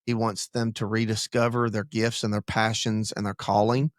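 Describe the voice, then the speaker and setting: A pastor tells a story in casual conversation on a church podcast, his lowish voice delivered flatly at a moderate pace in studio-quality audio with no echo. He speaks earnestly, restarts sentences, and drifts from the story into preaching.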